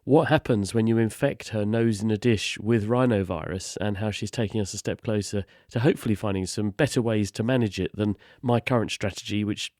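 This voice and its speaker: A hoarse man with a cold, joining a radio show over a video call as the science expert, explaining things in a brisk, wry way. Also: on the low side, a little mellow, no echo, studio quality. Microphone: remote video call.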